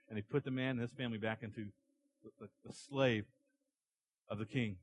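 A man preaching a sermon to his church, animated as he tells stories and acts out characters. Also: mid-range voice, a little fast, pauses often, slight background noise, rough recording. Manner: animated storytelling, acting out characters in the parable. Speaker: pastor.

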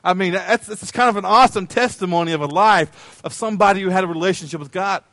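Male pastor, high-pitched, casual sermon delivery with a dry close sound and playful repetition. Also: fast talker, a bit bright, no room sound. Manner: conversational, playful, repeats phrases.

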